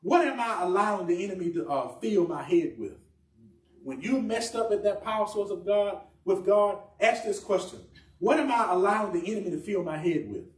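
A pastor preaching a sermon, with emphatic, drawn-out phrasing. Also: male voice, high voice, animated. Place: church sanctuary. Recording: echoey church room from far off.

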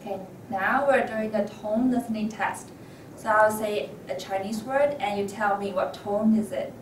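A woman who speaks natively teaches tones in English, calmly modeling each sound and pausing for students to repeat. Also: medium pitch. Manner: patient, models sounds and pauses for repetition. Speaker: Mandarin teacher. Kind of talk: slow, deliberate language lesson. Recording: echoey room, mic at a distance, background noise.

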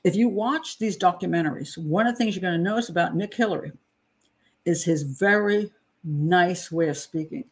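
A woman's voice: lowish voice, normal speed. Chatty older woman from New Jersey. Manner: chatty, self-deprecating, with frequent laughs and restarts. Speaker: criminal profiler hosting her channel. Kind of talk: casual monologue on a true-crime case.

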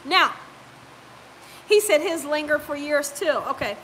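High, bright-voiced woman with a cough. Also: slight background noise, poor audio. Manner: chatty, warm-hearted, quick to laugh. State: lingering cough. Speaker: cooking channel host. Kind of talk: casual live-stream chat, reading viewer comments.

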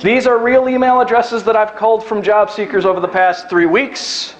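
A man's voice: high-pitched, fairly even intonation, moderate pace, a little hiss or hum, poor audio. Down-to-earth man giving job tips. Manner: down to earth, joking, acts out quoted lines. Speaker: recruiter giving job search advice. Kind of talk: presentation to an audience.

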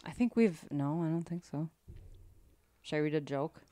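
A woman's voice: low-pitched, moderate pace, mellow, dry recording, clean studio sound. A woman co-hosting a podcast in casual, giggly chat. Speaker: podcast co-host.

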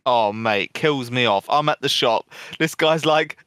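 A man co-hosting a podcast, making crude, quick jokes in casual banter. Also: mid-range voice, a bit bright, clean tone, no room sound, clean studio sound. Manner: crude, quick jokey asides. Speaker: podcast co-host.

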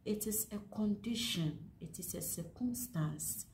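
A woman's voice: mid-range voice, moderate pace, few pauses, warm tone. A young woman from Ghana vlogging to camera, emphatic and aggrieved, often repeating herself. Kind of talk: casual vlog monologue. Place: indoors in a house. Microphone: camera on a stand. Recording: echoey room with faint background noise.

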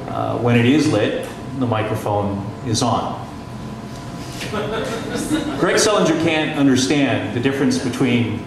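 A middle-aged radio journalist telling anecdotes on a panel, chatty, laughing often and restarting his sentences. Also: medium pitch. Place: panel discussion in a large echoey room. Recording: echoey hall from far off, noisy.

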